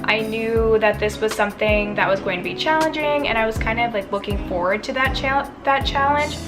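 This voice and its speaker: A woman's voice: medium pitch, fairly quick, music in the background. A young woman with a Midwestern American accent, talking casually to camera in a rambling, chatty way that restarts mid-thought. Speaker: beauty vlogger. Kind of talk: casual vlog talk to camera.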